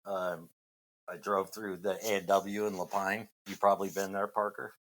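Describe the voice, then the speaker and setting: A man's voice: low-pitched, little pitch movement, moderate pace, fairly bright tone. A middle-aged man from Massachusetts, a podcast guest, telling a long story in a rambling way with many fillers and restarts. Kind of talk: casual storytelling.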